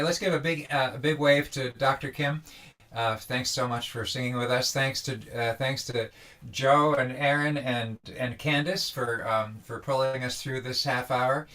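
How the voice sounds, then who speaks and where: A man hosting a daily online singalong, greeting viewers by name in casual, halting talk with many restarts over a video call. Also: mid-range voice, bright, forceful tone. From Vermont.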